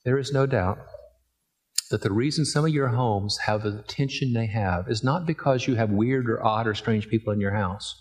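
A middle-aged man delivers a sermon in an ordinary mid-range voice. He moves from gentle storytelling into emphatic, rising points. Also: mid-range voice, normal speed. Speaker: pastor.

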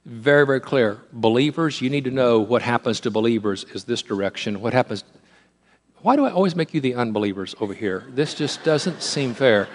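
A man preaching a sermon, emphatic and repetitive, swinging between rising fervor and quiet, hushed moments. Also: medium pitch, expressive, brisk. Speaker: pastor.

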